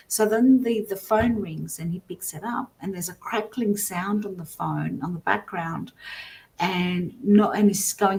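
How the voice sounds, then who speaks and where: A woman's voice: medium pitch, normal speed. A middle-aged woman, a guest psychic, telling a personal story in a casual interview, full of restarts and self-corrections. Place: remote guest, at home.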